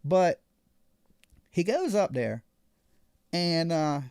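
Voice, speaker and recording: Animated man telling a story. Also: on the high side, very slow, clean tone, dry recording, studio quality. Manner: animated, acts out other people's lines. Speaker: live call-in show host. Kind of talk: casual storytelling.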